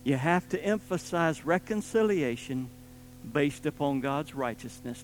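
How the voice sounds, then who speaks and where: A man preaches a sermon in a high-pitched voice. He presses his points hard, then drops to quiet, low asides. Soft guitar music plays faintly underneath. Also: unhurried, low-quality recording. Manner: emphatic, swings between loud emphasis and quiet low asides.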